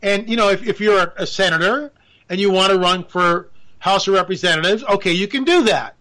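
A man's voice: fairly quick, pushed and bright, poor audio. A man, a radio host, giving a joking, sarcastic political commentary monologue. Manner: joking, sarcastic, pitch jumping up for emphasis.

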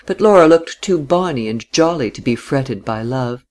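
A reader narrating a novel in a measured storytelling manner. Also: mid-range voice, animated, a little mellow. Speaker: audiobook reader. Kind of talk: scripted narration.

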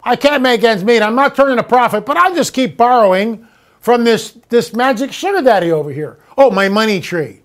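A man's voice: extremely high pitch, animated, brisk, pitched above the performer's own voice. A man putting on a mocking, singsong voice of a whiny spendthrift who keeps borrowing money.

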